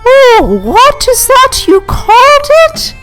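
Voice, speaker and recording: A woman voicing a fussy old male heron who rules a pond, exclaiming in a high, drawn-out voice. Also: wildly swooping pitch, a bit bright, soft background music, exaggerated voice. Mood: excited. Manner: exclaiming, drawn-out slow delivery.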